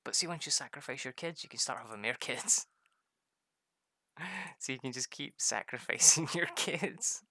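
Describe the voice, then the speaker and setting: A man's voice: mid-range voice, moderate pace, pauses often, bright, forceful tone. A man giving rambling, casual commentary over a video game, laughing often. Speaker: gaming video host.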